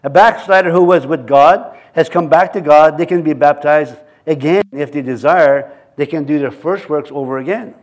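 A man's voice: fairly high pitch, moderate pace, hardly any pauses. A man preaching a sermon in a church, mixing scripture readings with joking, chuckling asides. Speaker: pastor.

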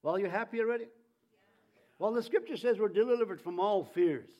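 High-voiced fervent male preacher. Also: a little fast, highs cut off. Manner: fervent, leads congregation in call-and-response. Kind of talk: sermon.

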